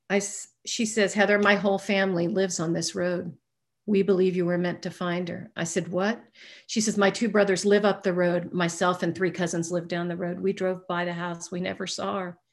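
Woman sharing at a recovery meeting: earnest, emphatic, talks through restarts, goes hushed for retold dialogue. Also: lowish voice. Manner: drops to a hushed voice when retelling dialogue. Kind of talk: personal testimony share.

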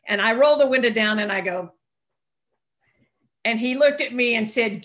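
A woman's voice: medium pitch, moderate pace, bright, forceful tone. A middle-aged woman from East Tennessee telling a self-mocking personal story to a recovery meeting, with comic asides. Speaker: recovery speaker.

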